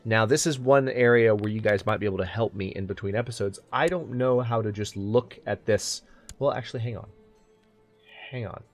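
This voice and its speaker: A man with a fairly low voice talks through a strategy game in an easygoing, rambling way, thinking aloud as he plays. Soft music runs quietly beneath his talk. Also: moderate pace. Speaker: let's play host. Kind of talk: casual gaming commentary.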